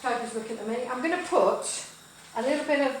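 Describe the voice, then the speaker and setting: A woman's voice: fairly high pitch, expressive, a little fast. A middle-aged woman hosting a home cooking show, chatting and telling a rambling story with lots of fillers while she cooks. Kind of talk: live cooking chat with storytelling. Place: home kitchen. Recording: very echoey kitchen, mic far off, cooking noise. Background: frying and sizzling, stirring.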